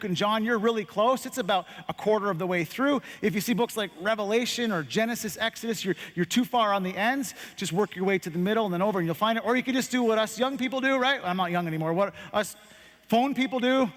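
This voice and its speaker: A man preaching a sermon as pastor, telling a story dramatically, slowing down and dropping his voice for effect. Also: high-pitched, fairly bright tone. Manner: dramatic, slows and drops voice for effect. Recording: long hall reverb.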